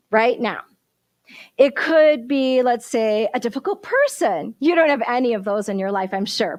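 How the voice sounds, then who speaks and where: High-voiced woman minister giving a lively sermon. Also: no echo, studio quality. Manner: animated, warm storytelling with questions to the congregation.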